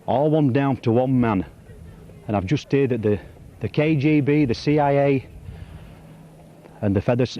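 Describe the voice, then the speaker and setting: Mellow partisan rugby commentator, dull sound. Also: male voice, mid-range voice. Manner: partisan, storytelling, joking. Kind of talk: post-match summary commentary.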